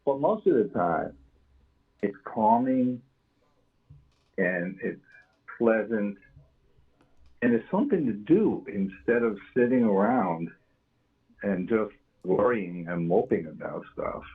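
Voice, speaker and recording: A man's voice: fairly low pitch, expressive, slow, long pauses, slightly rough. Older man on a tinny phone line. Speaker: caller. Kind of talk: casual chat.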